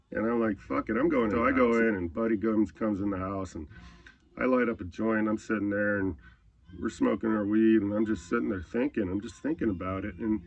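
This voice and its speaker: A man's voice: lowish voice, vocal fry, slightly rough, lo-fi sound. A man telling a personal story in a rambling, profane, laid-back way. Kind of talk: casual spoken anecdote.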